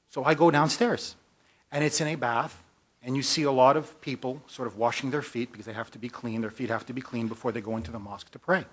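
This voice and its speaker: Husky-voiced man giving an emphatic speech. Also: mid-range voice. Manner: emphatic, building to forceful lists. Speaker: magazine editor giving a talk. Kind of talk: storytelling speech to an audience. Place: conference hall.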